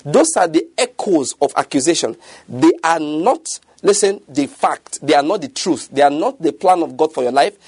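A man's voice: on the high side, lively intonation, moderate pace, darkish tone, breathy edge, no echo. A man preaching a sermon, emphatic and often checking whether his listeners follow. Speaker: pastor.

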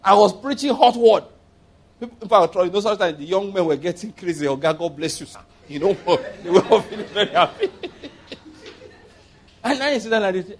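A man's voice: sits high, sing-song, moderate pace, creaky. A Nigerian man preaching a sermon in church, telling stories, repeating phrases for emphasis and leading the congregation in declarations. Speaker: pastor.

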